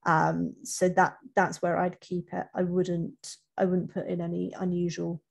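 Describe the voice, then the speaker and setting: Low husky woman with a gravelly edge. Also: completely flat delivery, a little slow. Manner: chatty, self-correcting, many restarts. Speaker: interview coach. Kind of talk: casual webinar talk.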